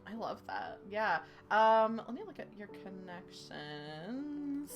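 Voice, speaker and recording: A woman's voice: medium pitch, lively intonation, slow pace, soft background music. A woman narrating as game master of a tabletop role-playing game, casual and full of fillers. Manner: casual, filler-heavy, tentative.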